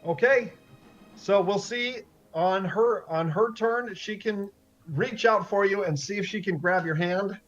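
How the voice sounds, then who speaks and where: A man's voice: high voice, a little slow, a bit bright, lo-fi sound, faint music behind. A man running a tabletop game as dungeon master, upbeat and encouraging as he rules on checks over voice chat.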